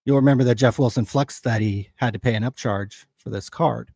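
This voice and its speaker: A man's voice: mid-range voice, brisk, gravelly, a little mellow, dry recording. A man hosting a livestream, ranting angrily with constant swearing in loose, heated casual commentary. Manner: profane, angry ranting. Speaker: livestream host.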